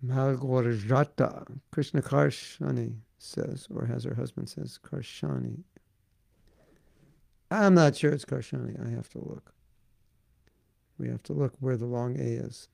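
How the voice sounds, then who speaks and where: A man teaching and answering listeners' questions in a devotional talk, speaking in a conversational, gently coaxing way. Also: mid-range voice, fairly even intonation, unhurried, gravelly, pauses often, no echo, studio quality. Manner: conversational, gently coaxing, frequent "you know".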